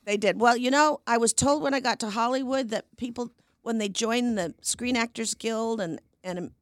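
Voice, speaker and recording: A woman in her seventies, an actress, guests on a podcast and tells stories with animation, acting out the people she quotes as the conversation goes on. Her voice is a little high and her pace moderate, captured in clean studio sound with no room noise.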